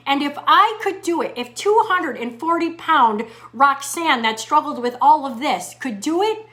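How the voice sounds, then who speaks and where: A middle-aged woman hosting a live motivational talk as a fitness coach, reading viewer comments and repeating key lines slowly for emphasis. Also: sits high, animated, sharp tone. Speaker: fitness coach and show host.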